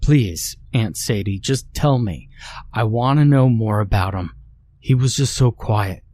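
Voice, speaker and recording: A man's voice: on the low side, lively intonation, measured pace, a little mellow. A man voicing a pleading young niece. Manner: trembling, pleading, urgent.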